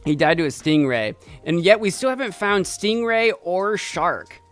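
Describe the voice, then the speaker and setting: A man streaming a game, chatting playfully and excitedly as he thinks aloud. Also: sits high, unhurried, faint music behind. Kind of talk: casual gameplay commentary.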